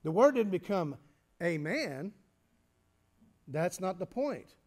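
A man teaching a church Bible study, explaining step by step, posing questions and answering them himself, with frequent halting restarts. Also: sits high, very animated, darkish tone. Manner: halting restarts, clears throat.

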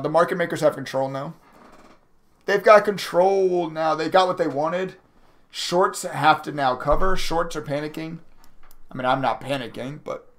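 Slightly high, creaky, and fairly bright, this young man's voice carries through a live stream of his day trading. Irritated and cursing, he reads out chat messages and talks loosely with the people watching.

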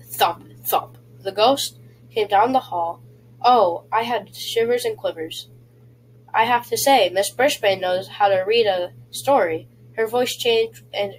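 A woman reading a children's chapter book aloud, in a halting way with frequent slips and restarts. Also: mid-range voice, slight background noise, low-quality recording. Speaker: reader.

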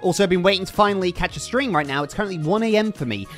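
A man's voice: high-pitched, animated, rapid-fire, soft background music. A man livestreaming a game in casual, upbeat chat, reading out viewer names and thanking donors.

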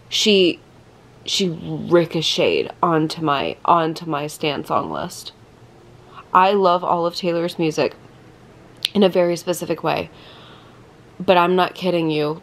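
A young woman vlogging at night, talking into her phone in a gushing, excited way and saying "like" a lot. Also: fairly low pitch, gravelly. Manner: gushing, excited, heavy use of "like". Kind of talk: casual chat to camera. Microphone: phone held in hand.

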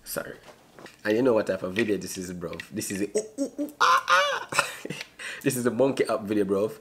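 A man's voice: fairly low pitch, fast talker, darkish tone, a little hiss or hum. A young man with a Jamaican accent, talking to camera as a vlogger in a crude, joking way. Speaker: YouTube vlogger. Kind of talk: casual vlog and video-chat pranks.

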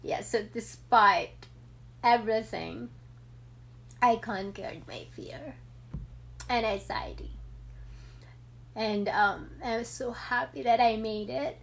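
Slow-talking woman, heartfelt vlog. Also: fairly high pitch, gravelly. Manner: heartfelt, with many fillers. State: emotional, near tears. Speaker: vlogger. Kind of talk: personal vlog.

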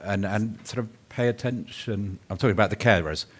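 A man speaking earnestly on a conference panel, halting and restarting as he thinks. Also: on the low side, breathy edge. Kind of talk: casual panel discussion.

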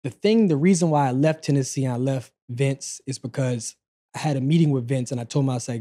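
A man in his forties, a guest on an interview show, telling stories from his past in a relaxed, conversational way. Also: mid-range voice, fast talker. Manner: relaxed, conversational, acts out quoted dialogue. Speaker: interview guest, former sprinter. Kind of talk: casual storytelling interview.

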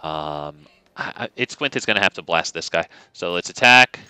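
A man's voice: low-pitched, lively intonation, moderate pace, bright, forceful tone, smooth, dry recording, low-quality recording. A man streaming a card game, chatting casually with viewers in a joking, sarcastic, rambling way. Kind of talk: casual gameplay commentary.

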